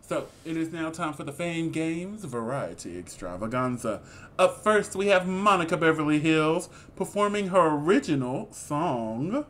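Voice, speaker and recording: A man co-hosting a casual review chat, animated and exclamatory, with sassy asides. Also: on the high side, a little slow, slight background noise. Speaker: co-host reviewing a reality show.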